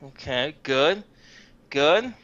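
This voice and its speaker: A man's voice: on the high side, animated, very slow, a bit bright, heavily acted. A man voicing a balding older male shop owner who talks in a folksy, easygoing trader's way. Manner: folksy, casual trader talk. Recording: dull lo-fi game recording.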